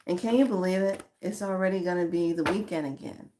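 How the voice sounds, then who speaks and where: A woman vlogger in relaxed, casual chat with her audience. She giggles through her sentences and keeps an easy, fond tone toward her listeners. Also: on the low side, brisk, noisy background. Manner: giggly, chatty, calls viewers lovelies. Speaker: spiritual vlogger.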